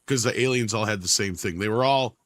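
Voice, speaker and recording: A man on a pop-culture podcast panel, chatting casually in a blunt, profane, animated way. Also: on the low side, a little fast, dry recording, clean studio sound. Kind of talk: casual chat.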